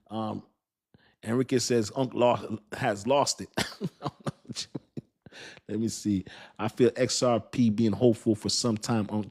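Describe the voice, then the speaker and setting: A man's voice: medium pitch, darkish tone. A middle-aged man hosting a casual crypto talk. He reads chat comments aloud, repeats himself for emphasis and laughs at his own lines. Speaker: crypto channel host.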